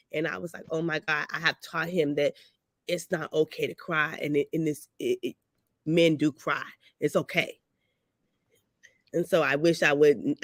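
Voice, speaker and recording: A woman on a discussion panel, telling a story about her son in a casual, lively way. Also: deep voice, no echo. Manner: storytelling, animated when quoting herself. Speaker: panel guest, mother.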